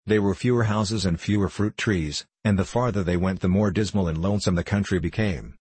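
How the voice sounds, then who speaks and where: Male audiobook reader, deep and husky, dry close-miked sound. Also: brisk, darkish tone, no echo. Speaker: audiobook narrator. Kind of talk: scripted storybook narration.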